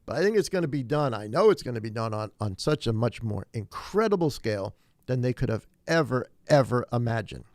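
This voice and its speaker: Animated preaching man, dry sound. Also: mid-range voice, a little fast, no echo. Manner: animated preaching, rising to emphatic peaks, frequent restarts. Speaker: pastor. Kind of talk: sermon.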